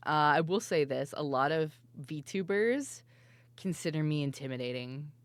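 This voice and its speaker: A woman streamer telling stories in casual chat, her voice worn and hoarse, laughing often and swearing freely. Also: deep voice, animated, a little slow, no echo. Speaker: VTuber streamer.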